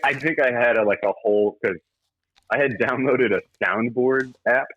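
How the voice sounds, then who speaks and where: A man, a guest on a podcast, chatting casually and dropping low-key jokes. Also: normal speed, no echo, lo-fi sound. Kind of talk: casual chat.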